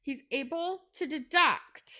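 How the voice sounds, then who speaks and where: Podcast co-host, woman, higher voice, quick sweary recap style. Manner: fast, animated retelling with swearing. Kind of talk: casual book recap.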